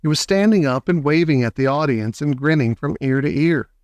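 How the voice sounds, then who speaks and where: A man narrating a children's storybook in a steady, expressive reading. His voice sits a little high, and the recording is dry and close. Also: brisk, no room sound. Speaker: audiobook reader.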